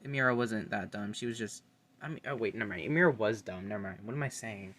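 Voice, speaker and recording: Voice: medium pitch, fast, a bit bright. A young adult vlogger giving a casual, blunt and opinionated ranking monologue, swearing freely. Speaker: reality TV fan vlogger.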